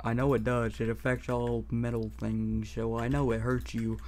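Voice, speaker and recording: A man's voice: mid-range voice, little pitch movement, normal speed, a little mellow, a little hiss or hum, natural voice. Man playing a taunting bully with a taser, gloating, mocking, game role-play.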